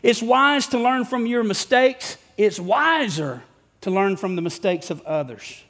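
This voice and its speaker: High-voiced man preaching a folksy sermon. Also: expressive, a little slow. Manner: folksy and humorous, rising to shouts for emphasis. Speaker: pastor. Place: church sanctuary before a congregation.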